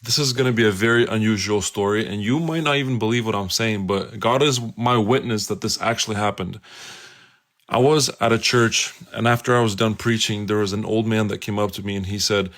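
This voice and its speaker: A preacher telling a personal story in an earnest, emphatic way and urging listeners directly. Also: male voice, lowish voice, brisk, a bit bright. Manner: earnest and emphatic, urgent appeals.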